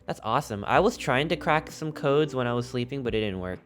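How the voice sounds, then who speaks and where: A man's voice: medium pitch, expressive, fairly quick. A man streaming a video game, chatting casually with viewers in a rambling, goofy way, sleepy and a little sniffly. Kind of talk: casual live-stream chat. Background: background music.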